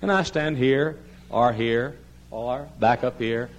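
Older man as a pulpit preacher, a dramatic sermon that swings from hushed appeals to loud cries, at times away from the mic. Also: mid-range voice, takes it slowly, a little hiss or hum. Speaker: pastor. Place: large church sanctuary.

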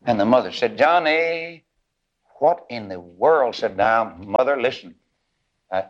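A man's voice: mid-range voice, muffled recording. A man, preaching a sermon in a folksy drawl, telling a story and voicing its people. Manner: folksy, drawling storyteller voicing characters, building to chanted, sung climaxes.

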